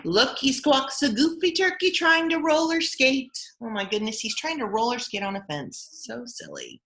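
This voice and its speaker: A young adult woman, a music therapist, telling a silly story and teaching young children in a slow, exaggerated, playful way with gasps and exclamations. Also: a little high, animated, fairly bright tone. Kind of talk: sing-song children's lesson and storytelling.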